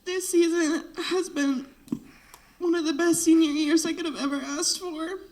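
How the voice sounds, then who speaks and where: A teenage girl with a high, light voice gives an emotional farewell to her bandmates. She sounds tearful and earnest, and she stops now and then to apologize. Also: fairly even intonation, moderate pace, a little mellow, rough recording. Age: late teens. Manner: tearful, heartfelt, breaks off to apologize. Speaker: graduating senior flute player. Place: band room.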